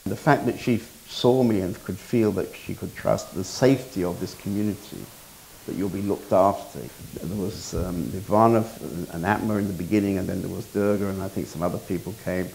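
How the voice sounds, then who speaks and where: A man, a spiritual teacher, reflecting calmly and in measured phrases during a conversation. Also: sits low, creaky, a little hiss or hum, poor audio.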